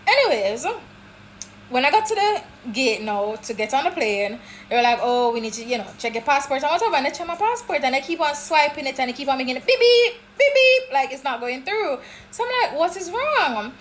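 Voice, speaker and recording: A Jamaican woman vlogging about her travels, telling stories in a chatty, animated way. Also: sits high, fast talker, a little hiss or hum. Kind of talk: casual travel vlog chat.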